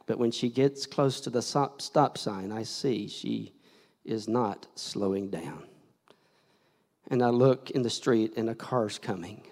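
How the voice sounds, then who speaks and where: An older male pastor preaching a sermon with an altar call in a church, slow and deliberate, dropping to hushed near-whispers and rising to loud shouts. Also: mid-range voice. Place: church sanctuary. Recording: long reverb of a large hall.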